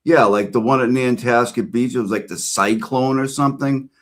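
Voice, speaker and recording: A man's voice: mid-range voice, normal speed. A man co-hosting a casual chat, rambling through memories, laughing and acting out quotes.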